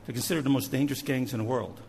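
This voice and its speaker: A man, a missions pastor, telling a story from a trip as part of a sermon, animated and shifting in loudness. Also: medium pitch, very fast, creaky, slight background noise. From New Jersey. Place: church sanctuary. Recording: long church hall reverb.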